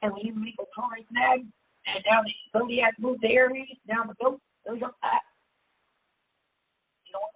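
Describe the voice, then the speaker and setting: A woman's voice: fairly even intonation, moderate pace, pauses often, slightly rough. Candid chatty woman on a tinny line. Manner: candid, chatty, laughs often, sudden high-pitched jumps. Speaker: self-help seminar host. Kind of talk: casual personal monologue. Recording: tinny phone-like audio with faint hiss.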